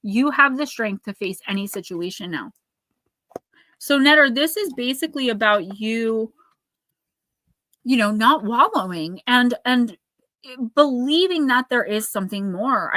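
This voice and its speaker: A woman's voice: a little high, bright, forceful tone, no room sound. A woman giving an oracle card reading on a live stream, speaking earnestly and caringly to her viewers by name.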